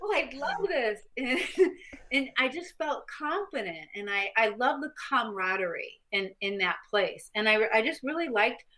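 A woman guest on an interview show, telling her own stories in an animated, self-mocking way. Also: fairly high pitch, moderate pace. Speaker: guest, former boxing champion. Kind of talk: casual interview storytelling.

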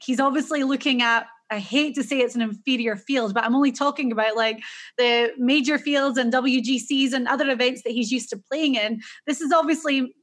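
A Scottish woman with a high voice talks golf stats as co-host. She chats loosely and thinks aloud, with plenty of fillers along the way. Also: fairly bright tone. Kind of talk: casual golf analysis chat.

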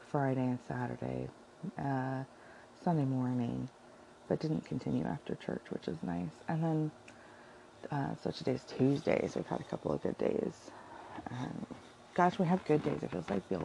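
A woman chatting casually about her Bible devotions, rambling and correcting herself often, with a heavy vocal fry. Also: a bass voice, warm tone, a little hiss or hum, low-quality recording. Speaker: vlogger sharing Bible devotions.

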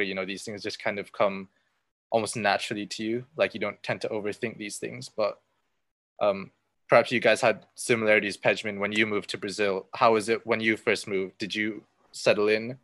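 A man's voice: fairly low pitch, level tone, a little fast, a bit bright, dry recording. A man chatting casually in a group, reflective and full of fillers.

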